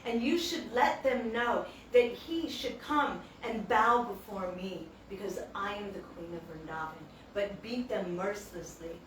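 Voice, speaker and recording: A woman's voice: medium pitch, measured pace, few pauses, a bit bright, slight background noise, pitched below the performer's own voice, lightly acted. A woman voicing a commanding young divine queen who gives stern, imperious orders, in a storytelling talk. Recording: echoey hall, distant mic.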